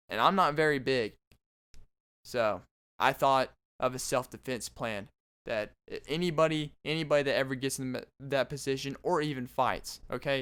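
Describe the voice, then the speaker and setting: A man's voice: mid-range voice, fairly bright tone, clear, resonant tone. Rambling young man doing comedy talk. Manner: rambling, restarting, joking. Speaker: podcast host. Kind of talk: comedic monologue.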